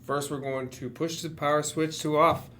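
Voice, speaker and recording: A man's voice: fairly high pitch, level tone, fairly bright tone, slight background noise. A man at a hobby workbench reading instructions aloud step by step, with dry jokes in between. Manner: jokey, reads steps aloud deliberately. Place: hackerspace workshop.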